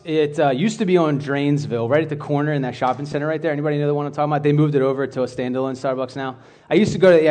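An American man preaches a casual, conversational sermon to a church group, rambling a little with asides and restarts. His pitch is fairly high and his tone slightly mellow.

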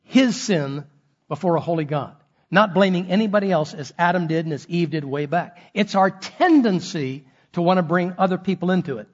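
High-voiced man preaching a sermon. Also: animated, moderate pace, dull audio. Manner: earnest preaching, acts out quoted spouses. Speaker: pastor.

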